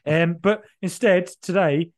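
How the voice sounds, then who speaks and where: A man from Birmingham, England, co-hosts a football podcast, chatting casually and telling rambling, jokey stories full of fillers. His voice sits high and he speaks at a measured pace, with no room sound.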